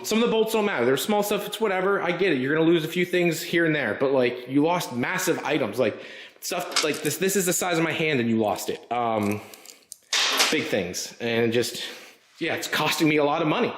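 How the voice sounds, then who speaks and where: A man hosting a casual garage vlog, rambling and frustrated as he works on his car. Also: mid-range voice. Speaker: car builder and channel host. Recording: roomy garage echo.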